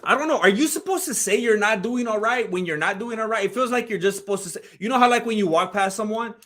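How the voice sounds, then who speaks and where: A young man talks fast in a voice that sits high, casually commenting on a fight video over a live stream. He's an animated narrator who voices the people in the clip.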